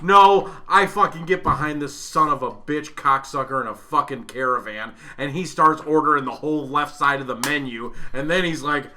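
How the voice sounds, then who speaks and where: A man's voice: fairly high pitch, moderate pace, hardly any pauses, pushed and bright. A man co-hosting a podcast, telling a profane, ranting story in casual chat. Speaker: podcast co-host.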